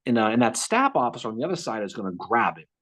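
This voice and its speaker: A man co-hosting a casual history podcast, telling the story with lively restarts and repeated words. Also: medium pitch, rapid-fire. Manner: animated, repeats words while thinking, acts out quotes. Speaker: podcast co-host.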